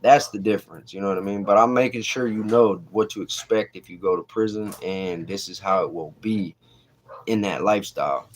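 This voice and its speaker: A man's voice: lowish voice, brisk. A man hosting a casual livestream, talking bluntly in street slang and answering chat. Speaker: livestream host.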